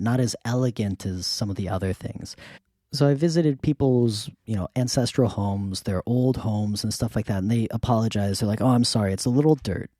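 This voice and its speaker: A man's voice: mid-range voice, no echo, clean studio sound. A man hosting a podcast, short of breath from illness, telling casual stories and acting out what others said. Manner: relaxed, anecdotal, acts out others' quotes. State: sick with pneumonia, short of breath. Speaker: podcast host. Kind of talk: casual storytelling.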